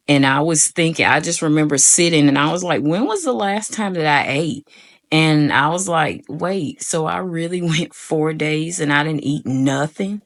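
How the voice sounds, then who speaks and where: Gravelly-voiced young woman vlogging. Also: deep voice, a bit bright. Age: young adult. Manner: rambling, frequent "like" fillers, addresses viewers as y'all. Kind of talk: casual storytelling to camera.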